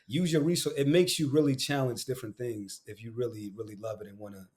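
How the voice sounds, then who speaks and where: Animated man. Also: medium pitch, fast talker. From Queens, New York. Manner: animated, slangy, repeats phrases for emphasis. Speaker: guest, actor and audiobook narrator. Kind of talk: casual podcast conversation.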